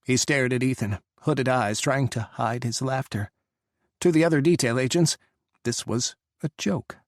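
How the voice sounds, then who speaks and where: A man reading a romance audiobook in a measured, dramatic narration style, on a close studio mic. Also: mid-range voice, dry recording.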